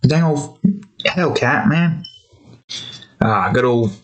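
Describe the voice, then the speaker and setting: A man's voice: medium pitch, animated, slow pace, low-quality recording. A young man rambling casually to camera while drawing, drifting between topics and scolding his cat. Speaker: art vlogger.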